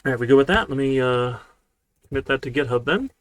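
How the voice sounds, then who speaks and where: A man's voice: mid-range voice, animated, quick pace, noisy background. A man teaching a live-streamed programming class in a casual, chatty way, often checking in with "right?". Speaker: university programming instructor. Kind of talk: live-streamed coding lecture.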